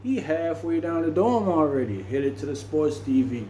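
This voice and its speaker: A man's voice: fairly high pitch, big pitch swings, normal speed, warm tone, slight background noise. A man from Jamaica telling a story in a slangy, loose, rambling conversational way. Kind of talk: casual storytelling.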